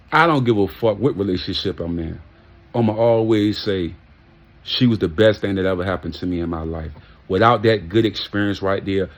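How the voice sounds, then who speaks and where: A man telling a casual, heartfelt story, emphatic and full of street slang and profanity. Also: fairly low pitch. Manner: heartfelt and reminiscing. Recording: muffled lo-fi audio.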